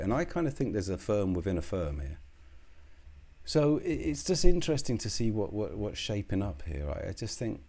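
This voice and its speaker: A man's voice: low-pitched, mellow. A British man giving a solo political commentary, scornful and heated, swearing often.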